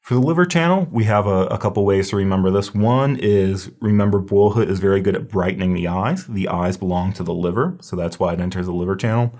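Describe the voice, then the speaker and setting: A man teaching a recorded herbology review lecture, explaining patiently and repeating terms slowly for pronunciation. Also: deep voice, darkish tone. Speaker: herbology instructor.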